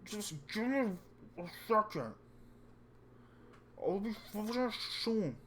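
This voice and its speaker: A man's voice: a little high, lively intonation, measured pace, a little hiss or hum, pitched above the performer's own voice. A man doing a cheeky teasing student guy. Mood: playful. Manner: cheeky, joking. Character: teasing young male student, playful prankster.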